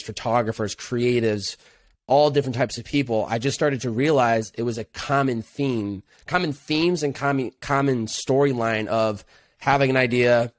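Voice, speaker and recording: A man's voice: mid-range voice, no room sound. A young adult man, a podcast guest, telling his story in an earnest, reflective way with casual slang. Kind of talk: casual interview conversation.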